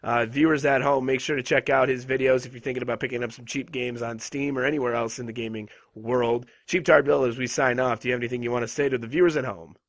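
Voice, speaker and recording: A male show host with a hoarse, raspy voice from a lost voice, chatting and joking through a casual gaming interview. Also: mid-range voice, fairly even intonation, fast, few pauses. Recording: echoey room, distant mic.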